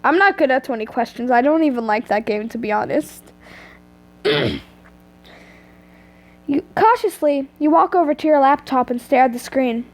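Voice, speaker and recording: A teenage girl reads fanfiction aloud into an earphone mic at home. Her voice is high, and she keeps breaking off for giggly, self-mocking, chatty asides. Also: normal speed, pauses often. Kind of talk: reading fanfiction aloud with commentary.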